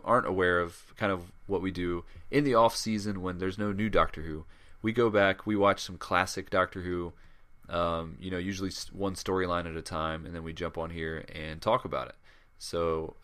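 A man's voice: low voice, a bit bright. A man co-hosting a podcast in casual chat, rambling with lots of fillers and restarts. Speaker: podcast co-host.

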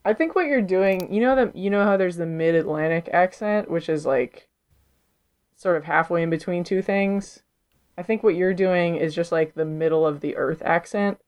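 A woman co-hosting a casual comedy podcast, asking questions and playing along in a deadpan way. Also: lowish voice, moderate pace, smooth. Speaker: podcast co-host.

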